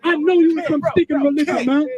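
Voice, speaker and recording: A man shouts a confrontational street sermon in a high, strained voice, repeating his lines aggressively. He is caught from a distance on a muffled recording. A crowd murmurs loudly around him. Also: steady tone, fast. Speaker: street preacher.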